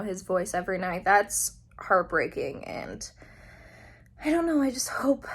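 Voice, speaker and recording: A woman's voice: mid-range voice, vocal fry, slightly rough. A young woman chatting casually in a reading vlog, emotional and gushing, with many fillers. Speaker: book vlogger.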